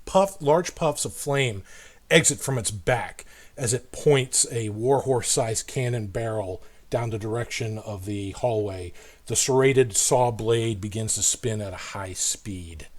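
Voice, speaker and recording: Unhurried man narrating as game master. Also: on the low side.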